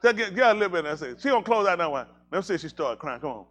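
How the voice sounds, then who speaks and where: A male pastor with a high voice that swings widely in pitch, bounding from playful teasing to loud, animated outbursts. He jokes casually with the people in front of him, then eases into preaching. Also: very fast. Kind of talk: casual joking banter turning to preaching.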